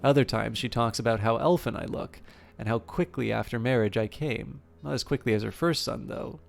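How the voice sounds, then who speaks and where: A man's voice: medium pitch, a little fast, creaky, soft background music, close to an everyday voice. A man voicing an anxious young boy who blurts things out nervously. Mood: upset.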